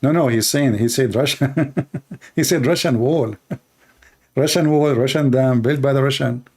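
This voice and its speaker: At a moderate pace, this man speaks in a mid-range voice that's a little mellow with a breathy edge. His commentary on a news clip is angry and argumentative, full of insults delivered in broken, non-standard English.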